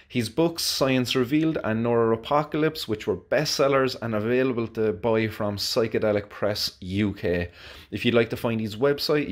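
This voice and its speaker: A man reading a steady introduction for a podcast guest, spelling things out slowly. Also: on the low side. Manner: steady, reads web address slowly. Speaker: show host reading an introduction. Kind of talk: read-out introduction.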